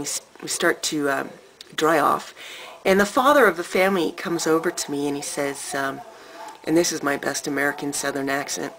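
A woman telling a story to camera in an animated, emphatic way, with dramatic pauses. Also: low-pitched, low-quality recording. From Canada. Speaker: vlogger.

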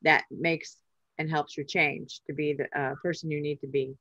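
A woman co-hosting a Bible talk show as a student, mostly giving short affirming replies and explaining scripture calmly. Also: sits low, moderate pace. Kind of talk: casual Bible discussion. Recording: dry, dull lo-fi sound.

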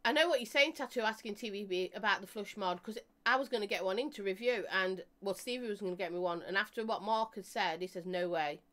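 A woman's voice: mid-range voice, quick pace, hardly any pauses, a bit bright. A woman hosting a live stream, chatting casually with her viewers, laughing often and joking as she reads out their comments.

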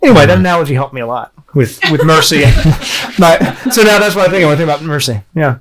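A man's voice: a little high, quick pace, over a noisy crowd. A man on a podcast panel, telling stories in a casual discussion and often laughing mid-sentence.

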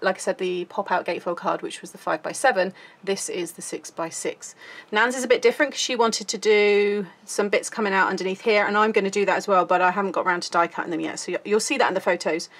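A British woman hosts a casual craft tutorial in a chatty, rambling way. She giggles easily and talks through each step informally, at an ordinary middle pitch. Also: fast talker, fairly bright tone. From United Kingdom.

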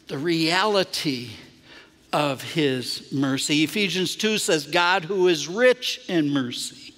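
A middle-aged man preaching a sermon, telling a personal story earnestly and swinging from hushed moments to emphatic ones. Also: fairly high pitch, slow pace, big-room sound. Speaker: pastor. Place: church sanctuary.

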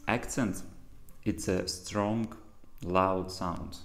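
A man's voice: low-pitched, fairly even intonation, extremely slow, a bit bright, faint music behind. A man whose first language is Russian teaches a handpan lesson, explaining patiently in simple English. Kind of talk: music lesson instruction. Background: handpan playing.

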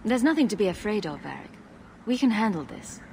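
A resolute woman hero from a video game, calm and reassuring toward her companions. Her pitch sits in an ordinary middle range, with a faint ambient hiss behind. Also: fairly quick, vocal fry.

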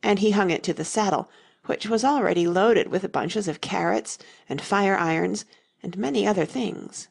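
A woman narrating a storybook in a steady, measured reading. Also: lowish voice, gravelly, husky. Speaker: audiobook narrator.

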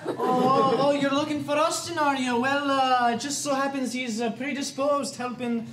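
A young man playing a self-important Scottish gentleman in a hammy, theatrical put-on accent, recorded from a distance in a roomy space over a noisy crowd. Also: very high voice, fairly even intonation, normal speed, voice pushed up. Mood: blustering.

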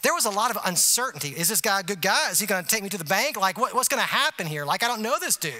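Man, pastor's sermon, lively rising and falling pitch, bright forceful tone, chatty asides to the church. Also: very fast. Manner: conversational, repetitive rhetorical asides; animated, emphatic delivery. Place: church sanctuary.

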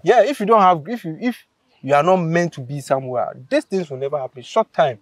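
A man, casually telling a story on a vlog, animated and laughing as he acts out what people said. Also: on the high side, a little fast, background noise. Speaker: vlogger host.

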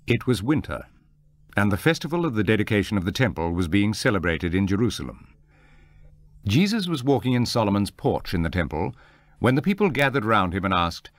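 A man narrating scripture for an audio Bible with a measured, even delivery. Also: lowish voice, dry recording. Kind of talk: scripture reading.

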